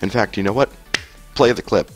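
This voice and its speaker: A gaming video host with a fairly low voice talks briskly over faint background music. He rambles through a story while commenting on gameplay, full of fillers and restarts, and laughs often.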